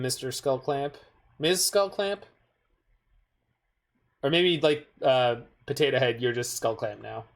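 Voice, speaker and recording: A streamer talks through a card game match in a relaxed, unhurried way. The delivery is dry, with joking asides tossed to the chat. The pitch sits in an ordinary middle range. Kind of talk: casual gameplay commentary.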